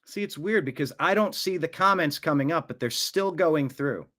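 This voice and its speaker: A male livestream host with a fairly high-pitched voice. He mutters under his breath while fiddling with his setup, then turns profane and confrontational as he demands answers. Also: lively intonation, moderate pace, fairly bright tone. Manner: profane, confrontational outbursts at a commenter; mutters to himself while fixing stream settings. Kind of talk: live-stream talk.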